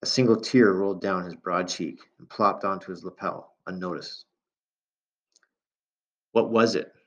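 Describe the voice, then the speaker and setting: A man reading a first-person novel aloud in a calm, measured way. The recording sounds dull and lo-fi. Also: deep voice. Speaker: audiobook narrator.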